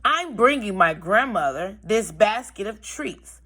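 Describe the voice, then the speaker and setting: Woman voicing a sweet trusting little girl, polite, storybook, bouncy pitch. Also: animated, measured pace, bright, forceful tone. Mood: cheerful. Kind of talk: read-aloud storybook.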